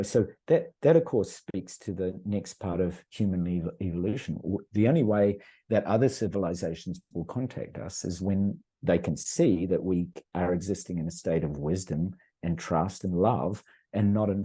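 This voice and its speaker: A man's voice: low-pitched, warm tone, slightly rough. A middle-aged man, a podcast guest, talking in an earnest, rambling way with many restarts. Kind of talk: casual conversational storytelling.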